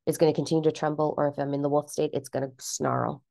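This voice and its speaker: A woman speaks in a deep, creaky voice, blunt and animated as she rants through self-help advice and swears casually. The sound is dry and close, with no room echo. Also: quick pace. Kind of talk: candid motivational rant.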